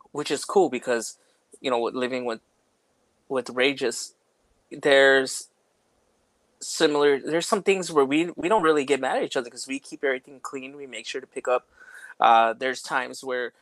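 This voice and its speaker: A man's voice: mid-range voice, a bit bright, dry recording. A man co-hosting a podcast, chatting casually in a rambling way, full of "like" and "you know". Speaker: podcast co-host. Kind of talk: casual chat.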